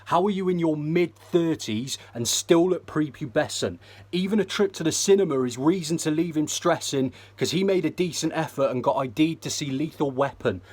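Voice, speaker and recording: A man's voice: fairly high pitch, darkish tone. A man rapping a cappella battle verses in a sneering, insult-heavy delivery. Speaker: battle rapper.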